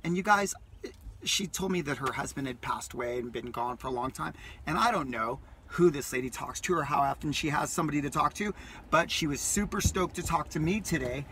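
A man's voice: fairly high pitch, brisk, bright, forceful tone, a little hiss or hum. A man vlogging from his parked vehicle, telling a rambling, enthusiastic story in a casual way that repeats itself.

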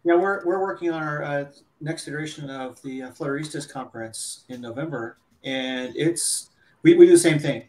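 Man, fairly high voice, co-host, rambling, restarts sentences, casual live panel chat, faint background noise. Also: moderate pace, a little mellow, echoey room. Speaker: co-host, conference organizer.

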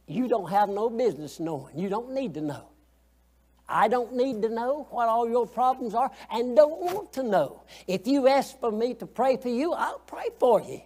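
High-voiced man teaching Sunday school. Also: a little mellow. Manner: folksy, colloquial, asks the class questions.

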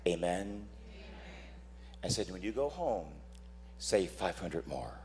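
A man's voice: deep voice, very animated, slow, a little mellow. A man who is a priest, preaching a dramatic sermon, telling stories and acting out voices while asking "Amen?".

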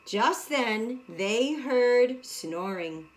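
A woman preschool teacher reading a storybook aloud to young children, animated and asking the children questions as she goes. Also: fairly high pitch, drawn-out words. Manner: animated, addresses the children directly.

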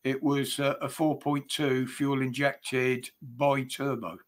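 Man, stream guest, even middle voice, calm, matter-of-fact. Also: mid-range voice, slow. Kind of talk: casual chat.

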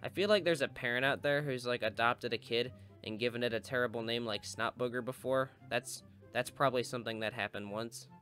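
A man's voice: mid-range voice, a little fast, few pauses, fairly bright tone, faint music behind. A young man giving comedic, sarcastic commentary over his own gameplay with goofy mock-villain asides. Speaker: gaming video host.

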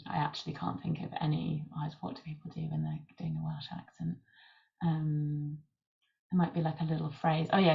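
A woman's voice: on the low side, vocal fry, mellow. A woman author explaining her writing process in a thoughtful, explanatory way. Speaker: author guest. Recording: muffled lo-fi recording.

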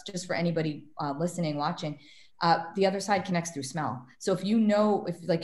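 A woman with a somewhat low voice chats as a podcast guest. She tells stories with energy and acts out what people said. The sound is roomy and echoey. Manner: animated storytelling, acts out quotes. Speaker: guest medium and tarot reader. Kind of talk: casual podcast chat. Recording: echoey room.

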